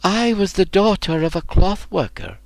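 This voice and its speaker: A man voicing a defiant young serving woman in an audiobook, speaking quietly and with restraint. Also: high-pitched, big pitch swings, moderate pace, creaky, dry recording, pitched above the performer's own voice, full character voice, poor audio. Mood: quiet defiance.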